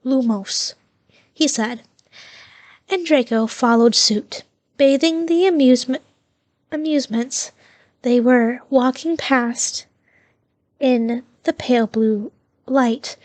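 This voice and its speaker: Give me a woman reading a story aloud, unhurried, with a dry close sound. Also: high-pitched, no echo. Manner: steady reading with small slips and self-corrections. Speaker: fan fiction reader. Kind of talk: reading fan fiction aloud.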